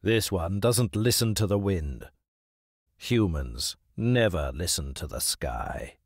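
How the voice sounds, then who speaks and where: A man voicing a proud, condescending male hawk with a deep, unyielding voice in an audiobook story. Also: animated, dry recording, clean studio sound, exaggerated voice. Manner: slow, condescending.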